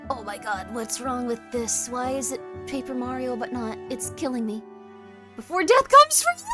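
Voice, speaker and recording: A woman streaming live, chatting casually and rambling as she reacts to a game showcase, with show audio and music playing behind her. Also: on the high side. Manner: chatty, rambling, quick laughs and exclamations.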